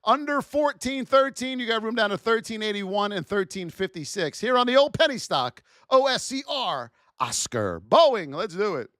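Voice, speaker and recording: Animated high-pitched man hosting a livestream. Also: normal speed, few pauses, no room sound, studio quality. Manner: animated, shouts out to chat viewers. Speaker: trading livestream host. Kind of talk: live stream market commentary.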